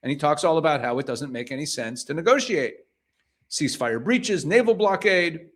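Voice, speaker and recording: A man's voice: fairly high pitch, lively intonation, moderate pace, fairly bright tone. Man reading and unpacking news headlines. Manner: reads passages then paraphrases them pointedly, with rhetorical questions. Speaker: news commentator. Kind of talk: reading headlines aloud and commenting.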